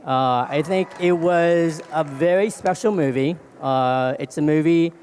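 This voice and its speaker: A man's voice: on the high side, unhurried, darkish tone, a little hiss or hum. A man answering on a convention panel, hesitant, with many fillers and restarts. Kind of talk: casual panel chat.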